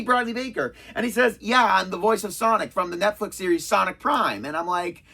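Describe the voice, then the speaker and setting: A man's voice: sits high, fairly quick, creaky, hardly any pauses, sharp tone, slightly rough. Rambling man telling a story. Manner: rambling, with restarts and quoted exchanges. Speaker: vlogger telling a convention story. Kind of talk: casual storytelling.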